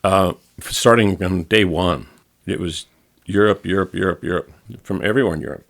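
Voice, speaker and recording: A man with a very low voice tells stories in a relaxed chat on a studio podcast. His voice has a rough, gravelly fry to it. He rambles, starts over and corrects himself mid-sentence. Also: normal speed. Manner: rambling storyteller, restarts and self-corrections. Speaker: podcast co-host back from travel. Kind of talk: casual chat.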